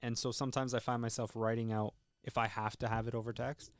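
A man co-hosting a podcast in casual chat, speaking in a measured way and asking follow-up questions. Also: mid-range voice, little pitch movement, dry recording, clean studio sound. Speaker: podcast co-host.

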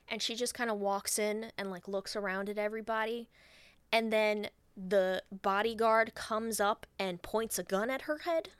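A woman co-hosting a podcast, recapping a film in casual, animated and profane storytelling. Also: medium pitch, clean tone, no echo. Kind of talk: casual chat.

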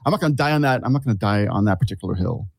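A man's voice: on the low side, animated, very fast, creaky, breathy edge, dry recording. A man chatting as a podcast guest, a reflective storyteller who often restarts his sentences and calls himself an overthinker. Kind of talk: casual podcast conversation.

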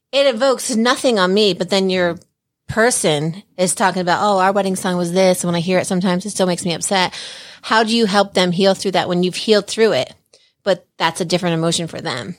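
A woman co-hosting a podcast in casual chat, blunt and swearing, telling stories with lively animation. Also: mid-range voice, brisk, no room sound. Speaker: podcast co-host.

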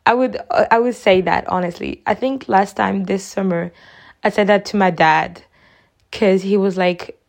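A woman's voice: mid-range voice, normal speed, vocal fry. A young woman, talking through personal memories on her own podcast in a chatty, reflective way, often saying "like". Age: young adult. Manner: chatty and reflective, heavy use of "like". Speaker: podcast host.

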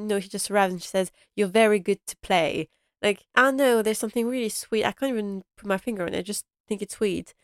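A woman chats through a recap of a period drama, gushing and rambling with plenty of fillers. Her voice is smooth and clear, at a middle pitch. The sound is close and dry. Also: no room sound. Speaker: podcast host. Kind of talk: casual episode recap chat.

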